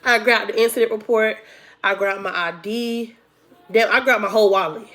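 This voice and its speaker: A woman's voice: mid-range voice, fairly even intonation, normal speed, fairly bright tone. A young woman telling a personal story to her viewers in a casual, chatty way, talking to them as y'all. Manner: chatty, addresses viewers as y'all, acts out quotes. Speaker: storytime vlogger.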